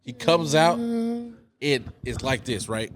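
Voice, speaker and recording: A man's voice: medium pitch, takes it slowly, slight background noise. A man chatting casually with friends, blunt and laid-back as he tells stories. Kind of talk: casual chat.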